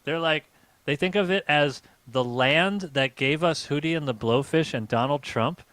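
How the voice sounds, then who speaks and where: A man's voice: fairly high pitch, normal speed, a bit bright, clean tone, dry recording. A man co-hosting a comedy live stream, telling a rambling story in casual chat with lots of fillers. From United States.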